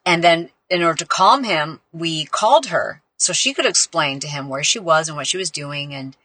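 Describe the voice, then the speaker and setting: Bright, heartfelt woman podcast host. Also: low-pitched, animated, moderate pace. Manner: heartfelt, rambling, heavy use of "like". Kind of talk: casual personal storytelling.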